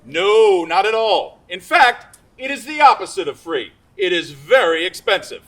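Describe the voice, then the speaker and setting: A man's voice: high-pitched, big pitch swings, unhurried, a bit bright, full character voice, poor audio. A man playing a pompous, blustering politician. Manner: pompous, with oratorical flourishes. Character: blustering, dim-witted politician husband. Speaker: stage actor. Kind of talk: comic stage play performance.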